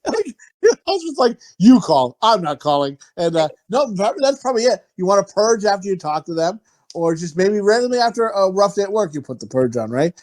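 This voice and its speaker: A man's voice: high-pitched, sing-song, quick pace, a little mellow. Crude joking man hosting a podcast. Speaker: podcast host. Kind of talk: casual chat.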